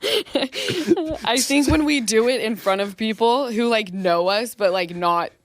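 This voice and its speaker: A woman's voice: a little high, takes it slowly, no echo, clean studio sound. Chatty woman podcast host telling stories. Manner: chatty, laughs often, tells long anecdotes. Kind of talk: casual chat.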